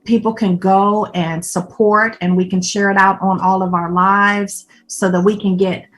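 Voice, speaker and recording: A woman's voice: medium pitch, little pitch movement, unhurried, fairly bright tone. Effusive woman thanking a guest. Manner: effusive, repeats "more importantly", emotional praise. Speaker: event host. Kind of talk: casual panel conversation.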